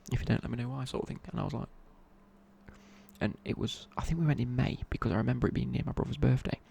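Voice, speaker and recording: A man's voice: mid-range voice, fast, creaky, mellow, a little hiss or hum. A young man telling a rambling casual story in a whispered ASMR chat. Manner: rambling, casual, many fillers and restarts. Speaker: ASMR creator.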